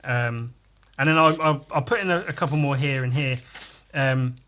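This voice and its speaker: Bright-voiced man rambling while he draws. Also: mid-range voice, moderate pace, slight background noise. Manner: rambling, crude jokey asides, muttering while working. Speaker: podcast host drawing live. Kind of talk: casual chat while drawing.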